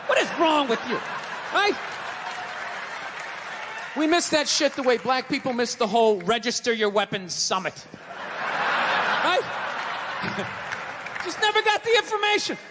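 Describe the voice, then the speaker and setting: A man doing a stand-up routine, ranting and swearing, with loud outbursts. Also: very high voice, noisy background. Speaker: stand-up comedian. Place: stage in a large hall before a live audience. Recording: live hall with long reverb.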